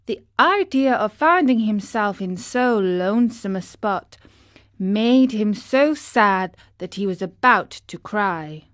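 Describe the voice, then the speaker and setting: A woman narrating a storybook for children with a clear, expressive reading. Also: medium pitch, takes it slowly, no echo, clean studio sound.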